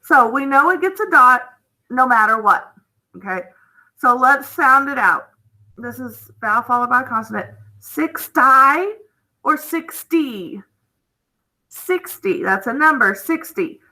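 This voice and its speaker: A woman's voice: fairly high pitch, lively intonation, moderate pace, pushed and bright. A woman teaching a phonics lesson, explaining step by step and checking in with "okay?".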